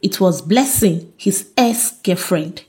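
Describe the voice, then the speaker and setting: A woman's voice: on the low side, lively intonation, takes it slowly, a little mellow. A woman, narrating a story aloud expressively.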